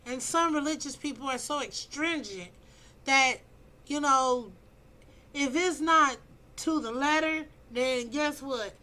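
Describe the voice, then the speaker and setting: A woman's voice: sits high, slow, pushed and bright, low-quality recording. A woman in her fifties talking bluntly and preachily into her phone about dating, with emphatic outbursts. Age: 50s. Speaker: vlogger giving dating advice. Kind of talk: casual opinionated monologue.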